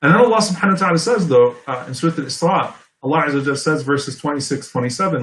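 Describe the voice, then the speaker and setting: A man giving an Islamic sermon in a conversational, explanatory way, often checking in with "okay?" and "right?" and reciting Arabic verses quickly. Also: fairly high pitch, fairly bright tone, echoey room, low-quality recording. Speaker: Islamic preacher. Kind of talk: sermon lecture.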